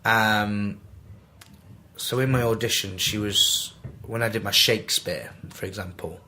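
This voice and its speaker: Mancunian guest in his twenties, lowish voice, animated storyteller who acts out the dialogue; faint ambience behind. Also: unhurried, slight background noise. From Manchester, England. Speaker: podcast guest, actor. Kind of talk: casual anecdotal storytelling.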